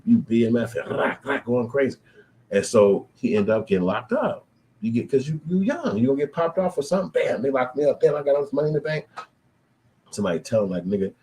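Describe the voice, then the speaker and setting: A man around thirty telling stories in casual street slang, animated and profane, acting out the voices of people in his stories. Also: mid-range voice, poor audio. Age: 20s to 30s. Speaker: storyteller. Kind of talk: casual street storytelling monologue.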